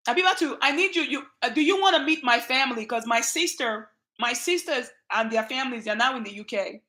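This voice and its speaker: Nigerian woman livestream host, fairly high bright voice, emphatic and chatty. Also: a little fast. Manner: warm greetings to viewers by name, lively and emphatic. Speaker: channel host. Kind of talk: casual livestream chat.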